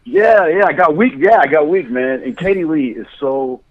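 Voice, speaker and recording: Over a tinny, phone-style line, a motion capture director chats openly as a podcast guest, spinning stories and laughing a lot. His voice runs on the high side, animated, at a moderate pace.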